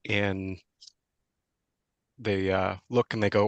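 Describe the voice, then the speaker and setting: A man comedian tells improv jokes hesitantly, pausing on fillers. His voice is fairly low. The sound is dry and close. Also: steady tone, fairly bright tone, dry recording. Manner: hesitant, halting joke telling.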